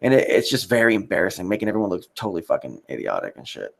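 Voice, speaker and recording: A man with a low, gravelly voice, talking off the cuff on a livestream. He rambles and swears often, stopping now and then to read out viewer comments. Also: huge pitch swings, racing. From United States. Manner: rambling, profane, reads chat comments. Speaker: livestream host.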